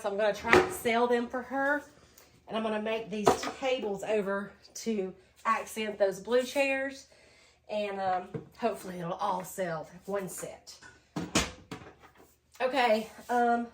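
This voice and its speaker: A woman vlogging a casual thrift haul, chatty and tired, low on energy after being sick, with lots of "um"s. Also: background noise. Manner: chatty, says "y'all", many "um"s.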